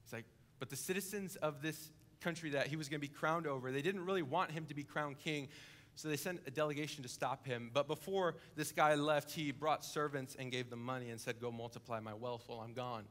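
A young adult coordinator preaching a sermon in church, telling a story vividly, dropping to a hush and then building to emphasis. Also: male voice, a little high, brisk. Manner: vivid storytelling, acting out the characters; swings between hushed and emphatic. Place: church service, live-streamed.

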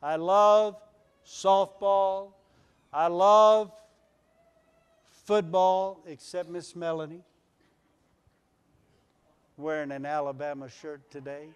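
A man pastor preaching a folksy sermon in a church, building to near-shouts on his refrains. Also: high-pitched, steady tone, takes it slowly, long pauses, smooth. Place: church sanctuary.

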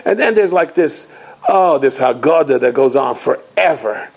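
A man's voice: medium pitch, moderate pace, vocal fry, breathy edge, rough recording. A man, a rabbi, giving an inspirational holiday talk, telling stories animatedly and acting out the quotes. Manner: animated storytelling with acted quotes.

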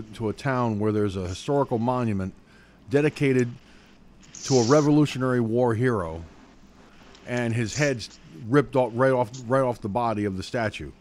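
A man's voice: medium pitch, darkish tone, slight background noise. A man hosting an online news show, reading news items and then ranting angrily with lots of swearing. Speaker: news commentary host.

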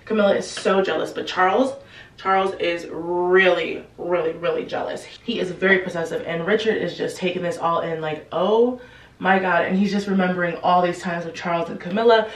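Young woman, casual book-recap host, chatty and animated in her character bits; roomy, slightly distant sound. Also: on the low side, moderate pace. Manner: chatty, acts out characters with slangy quoted lines. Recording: echoey room, voice set back from the mic.

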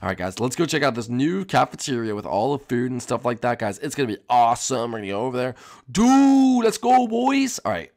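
A man voicing a brash, mischievous boy prince in a Minecraft role-play, excitable and calling everyone guys and bro. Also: medium pitch, a little fast. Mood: excited.

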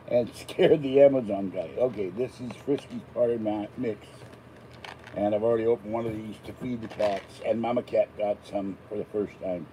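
A man's voice: mid-range voice, moderate pace, mellow, dull audio, slight background noise. An older man from Pittsburgh, chatting casually and rambling between topics as he unboxes an item. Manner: chatty, digressive, self-deprecating asides. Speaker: unboxing vlogger.

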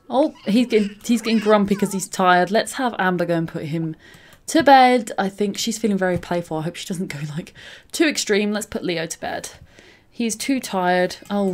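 A young woman chats her way through a life-sim game, laughing often and gushing over anything cute. Her pitch swings widely as she talks, and a faint hiss sits under the recording. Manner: chatty, giggly, cooing over cute moments. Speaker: gaming channel host. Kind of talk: casual game commentary.

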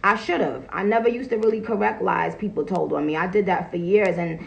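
A woman's voice: mid-range voice, brisk, gravelly, low-quality recording. A woman chatting casually on a phone livestream from home, blunt and profane, laughing often and breaking off to greet viewers. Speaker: live streamer greeting viewers.

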